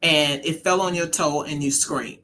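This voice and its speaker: A woman's voice: sits low, fairly even intonation, a little slow, pushed and bright, a little hiss or hum. A middle-aged mother telling a personal story in a casual conversation, earnest and reflective. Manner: earnest, reflective, acts out quoted voices. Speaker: mother sharing her story.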